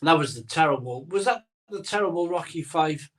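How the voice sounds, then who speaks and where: A man's voice: fairly high pitch, expressive, normal speed, a bit bright, distant mic. A middle-aged man hosting a casual live stream, rambling and sentimental, reading chat comments aloud. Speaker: host of a live beer-drinking stream.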